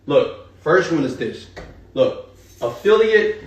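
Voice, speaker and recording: A man teaching a live seminar, talking straight to the audience in an animated, hype-driven way. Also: on the high side, slow pace, roomy sound, distant mic, dull audio. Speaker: speaker teaching an online marketing seminar.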